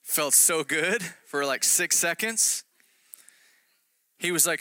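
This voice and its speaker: A man's voice: on the high side, slow, pushed and bright, clean tone, no echo. A man preaching a conversational sermon, telling a story about himself with self-deprecating jokes.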